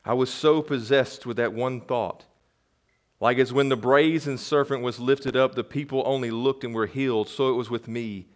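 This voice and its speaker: A middle-aged man preaching from the pulpit in a mid-pitched voice. He reads the testimony aloud at a measured pace and often rises into loud, emphatic peaks. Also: fairly even intonation. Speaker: pastor. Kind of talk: sermon reading a quoted testimony.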